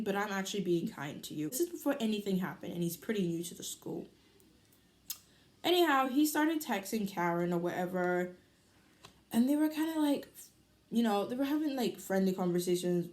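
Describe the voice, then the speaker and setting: A teenage girl telling a storytime on her vlog in a loud, animated, chatty way. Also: medium pitch. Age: teens. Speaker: vlogger. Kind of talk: casual storytime.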